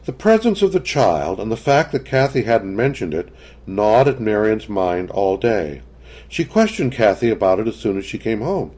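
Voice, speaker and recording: Man reading a story out loud, measured, pitch swings around a lot. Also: very animated, husky. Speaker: narrator. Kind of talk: scripted narration.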